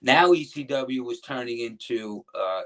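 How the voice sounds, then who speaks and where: At a measured pace, a middle-aged New Jersey man who wrestled professionally shares old stories as an interview guest in a relaxed setting. He rambles, restarts sentences, and takes on the voices of those he quotes, his pitch sitting in the usual male middle range.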